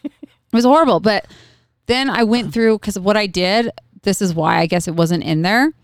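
A woman's voice: mid-range voice, moderate pace, no room sound, clean studio sound. A woman in her thirties, a podcast co-host telling stories in casual chat and acting out her kids' voices. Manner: animated storyteller, acts out her kids' voices.

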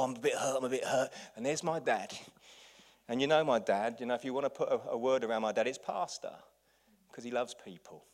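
A man, a pastor, preaching a lively sermon full of anecdotes, dropping to quiet asides and then rising to loud outbursts. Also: medium pitch, vocal fry.

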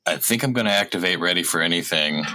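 Very deep-voiced man at a game table. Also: fast, sharp tone. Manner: easygoing, thinking aloud. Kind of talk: casual game talk.

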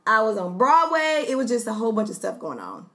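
A woman's voice: fairly high pitch, sing-song, fast, a bit bright. A young woman co-hosting a podcast, chatting casually and telling stories with easy laughter. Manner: chatty, storytelling, laughs easily. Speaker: podcast co-host. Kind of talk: casual chat.

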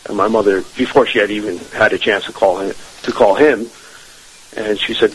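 A man's voice: fairly low pitch, expressive, normal speed, breathy edge, low-quality recording. A man telling a family ghost story as a radio interview guest, rambling with many restarts and fillers.

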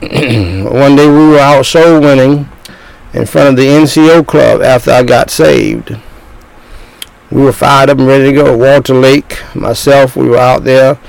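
A man's voice: mid-range voice, fairly even intonation, unhurried, vocal fry, darkish tone, dry recording, poor audio. An older man in his sixties preaching a sermon as a pastor, talking in bursts with repeated words and restarts.

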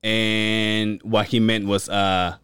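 A man's voice: fairly low pitch, slow pace, clean tone, no room sound, clean studio sound. A man around forty on a podcast, telling a long story about his father in a casual, profane way and acting out the quotes. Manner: profane, animated storyteller who acts out quotes. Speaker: podcast co-host.

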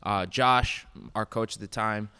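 A young man co-hosting a casual podcast, an animated storyteller who acts out quotes and laughs often. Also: on the low side, unhurried, clear, resonant tone. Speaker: podcast co-host. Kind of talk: casual chat.

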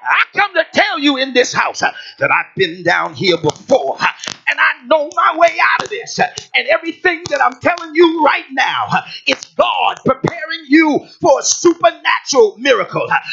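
A male pastor preaching with fervor, leading call-and-response and shouting his declarations. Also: very high voice, creaky. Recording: dull lo-fi church recording.

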